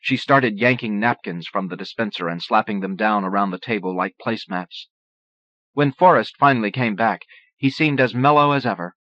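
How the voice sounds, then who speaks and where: A man narrating an audiobook in a steady, measured reading voice. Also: lowish voice, dry recording. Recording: dull lo-fi cassette audio.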